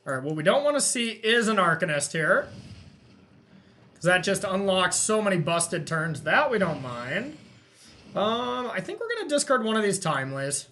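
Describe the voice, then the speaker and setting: A man hosting a card game session, thinking aloud as he counts and checks his plays in relaxed, self-amused commentary. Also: high-pitched, normal speed. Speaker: host playing a card game. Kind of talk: casual gameplay commentary.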